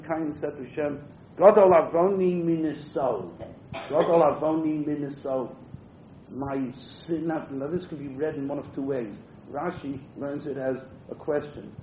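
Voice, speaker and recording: A man with a somewhat high voice teaches a Torah class, reading verses and then explaining them in English with plenty of "uh" fillers. The sound is roomy and muffled, with a faint low rumble underneath. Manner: reads Hebrew verses then translates, frequent "uh" fillers. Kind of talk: text-based Torah class.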